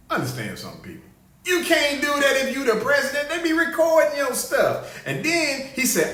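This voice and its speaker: Lively guy hosting a funny live show, high pitched, echoey room. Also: normal speed. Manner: animated, laughing, greets viewers by name. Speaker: show host. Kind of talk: comic live commentary. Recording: roomy echo.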